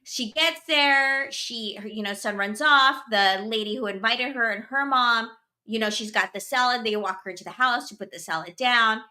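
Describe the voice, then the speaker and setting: A young woman tells a story on a podcast in loose, casual chat. Her voice is bright and a little high, and she keeps leaning on "like" and trailing filler words. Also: moderate pace. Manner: chatty, full of "like" and "blah, blah". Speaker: podcast host.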